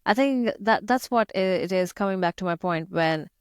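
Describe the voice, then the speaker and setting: A woman's voice: mid-range voice, moderate pace, clear, resonant tone, no echo, studio quality. A young woman from India with an Indian accent, chatting as an interview guest, laughing often and using many fillers. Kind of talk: casual interview chat.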